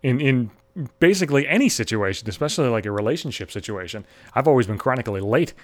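A man in his thirties spins a profane, self-mocking story in a middling voice. He is neurotic and blunt, and he jumps into quick acted-out voices for the people he describes. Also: mid-range voice. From Buffalo area, US. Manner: self-deprecating, heavy swearing, animated acted-out quotes. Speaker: stand-up comedian.

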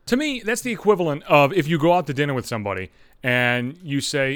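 Profane ranting man, lively pitch. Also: fast, clear, resonant tone, dry recording, clean studio sound. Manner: ranting, profane, sarcastic, with mocking voices for others. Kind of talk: profane comedic rant.

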